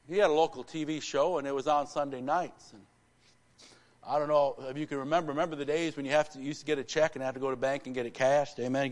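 A male pastor preaching a live sermon in a church, at a medium pitch. He repeats his key lines with emphasis and moves between hushed, soft passages and rousing, louder ones. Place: church sanctuary.

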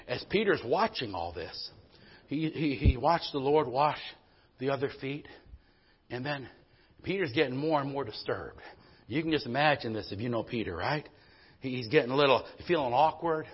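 A man's voice: mid-range voice, breathy edge. A male pastor preaching a sermon in a church, with emphatic call-and-response and folksy storytelling asides. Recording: dull lo-fi sermon recording.

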